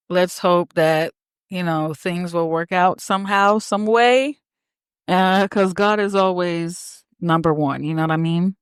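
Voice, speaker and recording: A woman's voice: lowish voice, smooth, no echo, clean studio sound. A young woman hosting a casual podcast, chatty and teasing, bossing her co-host around between fillers.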